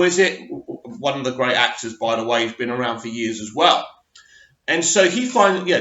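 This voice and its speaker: A man's voice: a little high, a bit bright. Man, casual film reviewer, rambling and full of restarts, muffled recording. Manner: rambling, self-correcting with many ums. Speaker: movie reviewer. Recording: echoey room, dull lo-fi sound.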